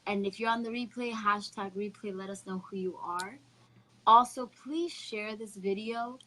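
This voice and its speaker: A woman's voice: mid-range voice, moderate pace, pushed and bright, low-quality recording. A woman hosting a casual livestream. She is upbeat and speaks directly to her viewers, introducing topics and guests. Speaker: host.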